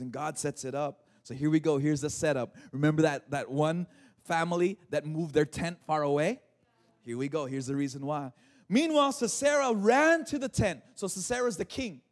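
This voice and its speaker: Man, pastor, sermon, strikingly high voice, animated storytelling, jokey asides. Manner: animated storytelling preaching, jokes and crowd calls.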